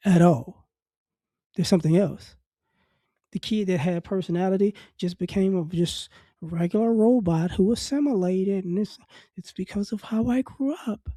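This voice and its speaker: A man with a high, dark, mellow voice and faint traces of a Southern accent, from New Orleans, gives a blunt, casual opinion monologue. He often repeats words as he works toward his point, and the recording is dry and close. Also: dry recording. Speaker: commentary vlogger.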